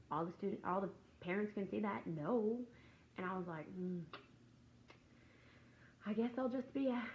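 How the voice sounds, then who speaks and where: A medium-pitched woman speaks over a low-quality recording carrying a little hiss or hum. As a teacher and Christian video host, she chats casually to camera in a devotional talk, acting out classroom conversations within her story.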